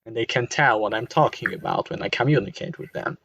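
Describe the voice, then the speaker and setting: A man's voice: on the low side, expressive, brisk, gravelly, a bit bright, slightly rough, no room sound. A young man co-hosting a casual podcast chat, joking crudely in a mock-sarcastic way. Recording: dull, dry lo-fi mic.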